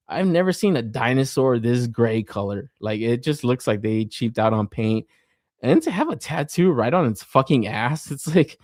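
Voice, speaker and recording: A man's voice: medium pitch, dry recording, clean studio sound. A man hosting a casual toy review podcast, swearing freely, laughing often and talking with lots of filler. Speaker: podcast host.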